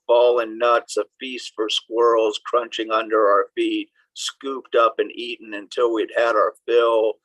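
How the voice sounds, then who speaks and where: A man reads his poem slowly and deliberately, with a bright, forward tone. He is heard over a video call from home, and the sound is dry and close. He talks with a moderately low voice. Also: dry recording, low-quality recording. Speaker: open mic poet. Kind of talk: poetry reading.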